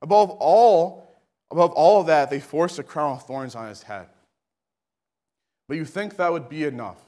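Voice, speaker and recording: A man preaching a sermon with fervent delivery that climbs to shouting. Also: a little high, moderate pace.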